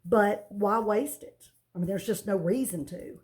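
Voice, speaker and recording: A woman's voice: medium pitch, a little slow, darkish tone. A middle-aged woman, hosting a casual cooking demonstration in a chatty, folksy way with rambling asides. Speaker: cooking channel host.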